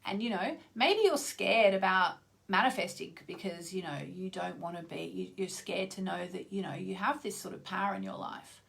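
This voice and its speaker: Gravelly-voiced chatty woman astrologer. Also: mid-range voice, normal speed, a bit bright. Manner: chatty, rambling, many asides. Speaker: astrologer hosting her own channel. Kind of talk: casual spoken vlog.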